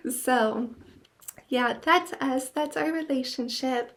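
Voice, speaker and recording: A young woman chats on her own podcast in a loose, gushing way, with "like" in nearly every line. Her voice sits a little higher than most women's. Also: steady tone, a little slow. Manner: chatty, many "like" fillers, gushing. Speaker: podcast host. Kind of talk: casual monologue.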